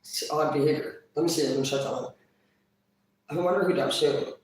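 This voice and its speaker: A woman chatting casually on a livestream, blunt and profane, quick to laugh. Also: low-pitched, fairly even intonation, recorded from a distance, a little hiss or hum. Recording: very echoey room, voice off-mic.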